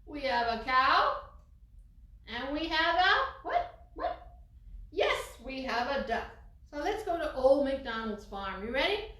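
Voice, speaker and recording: A children's librarian reading picture books aloud and singing nursery songs, slow and expressive, addressing the children directly. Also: female voice, high-pitched. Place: library room. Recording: echoey room, voice from far off.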